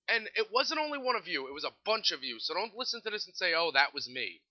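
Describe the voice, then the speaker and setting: A man's voice: sits high, big pitch swings, quick pace, hardly any pauses, muffled recording. A man hosting his own podcast, ranting sarcastically and swearing as he vents about a band his listeners keep mentioning. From United States. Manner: sarcastic, exasperated, swears freely. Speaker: podcast host. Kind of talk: casual solo podcast rant.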